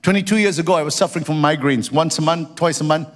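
A man's voice: fairly high pitch, fast talker. A man who is a pastor, preaching a sermon with personal stories and rising into fervent prayer. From Singapore. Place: church hall. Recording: church hall with long reverb.

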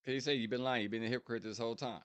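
A man hosting a reaction channel, repeating lines and breaking down their meaning in casual, animated commentary. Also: mid-range voice, racing, smooth. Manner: repeats lyric lines and explains them, animated.

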